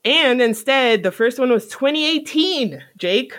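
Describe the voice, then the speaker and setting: A podcast host telling a story in casual chat, animated and profane, often laughing. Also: sits high, measured pace, dry recording.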